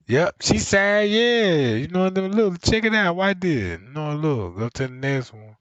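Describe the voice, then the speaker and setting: A man streaming casual reaction commentary, dragging his words out slowly while his pitch leaps all over the place. He roasts with loud, profane mockery. The sound is dull and lo-fi, dry and close. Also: big pitch swings, clear, resonant tone, dry recording.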